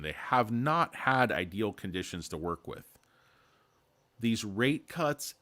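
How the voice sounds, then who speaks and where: A man with a low voice gives casual stock commentary in a loose, rambling way. He sounds tired from lack of sleep, and he drifts between chart talk and crude, irreverent jokes. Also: fairly bright tone. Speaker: stock market video host.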